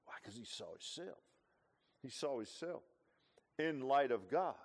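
A man preaching a sermon in a folksy, conversational way, his voice climbing to shouts and then dropping to a hush. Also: medium pitch, lively intonation, measured pace. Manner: folksy, swings from hollering to hushed. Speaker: pastor. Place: church.

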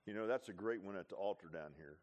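A man preaching a sermon in a folksy, conversational way, his voice climbing to shouts and then dropping to a hush. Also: deep voice, quick pace. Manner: folksy, swings from hollering to hushed. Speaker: pastor. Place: church.

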